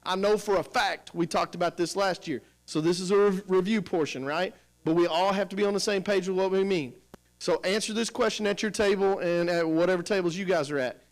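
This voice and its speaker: A man's voice: sits high, brisk, rough recording. A middle-aged man leading a teacher training workshop, firing questions at staff seated at tables and coaxing answers out of them. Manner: energetic, questioning, coaxing the audience. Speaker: professional development presenter.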